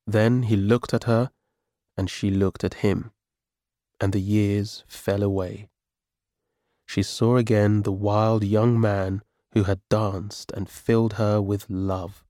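A man reading a story aloud as its narrator, calm and measured. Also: on the low side, no room sound, studio quality.

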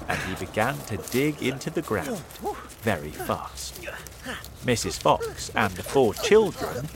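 A man reading a children's storybook aloud in an expressive manner. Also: mid-range voice, takes it slowly, background noise. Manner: animated, expressive read-aloud delivery. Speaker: narrator.

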